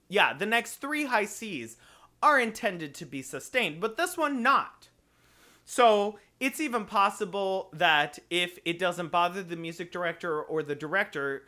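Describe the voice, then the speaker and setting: Bright-voiced man teaching singing. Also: sits high. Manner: explains slowly, sings short examples. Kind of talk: vocal lesson explanation.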